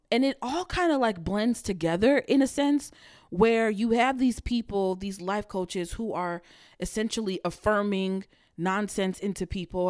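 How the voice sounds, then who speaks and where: A woman's voice: mid-range voice, darkish tone. A woman hosting a podcast, ranting bluntly and profanely in a casual monologue and mocking the people she quotes. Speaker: podcast host.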